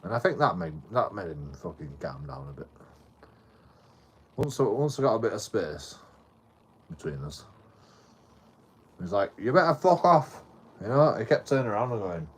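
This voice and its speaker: A man's voice: sits low, very animated, moderate pace, pauses often, slightly rough. A man in his late thirties from Bradford with a Yorkshire accent, telling a rambling, swear-filled story to his live chat and often repeating himself. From Bradford, England. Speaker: live streamer.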